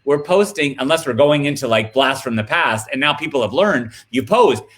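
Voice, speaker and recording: Animated, bright-voiced man chatting. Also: mid-range voice, normal speed. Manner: animated, rambling, lively storytelling. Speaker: guest. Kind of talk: casual video-call chat.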